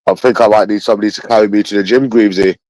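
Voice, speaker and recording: A man's voice: lowish voice, steady tone, very fast, a little mellow, no echo, rough recording. A man with a London accent, talking to his viewers in a rambling livestream monologue. He sounds bitter, repeats himself and swears often.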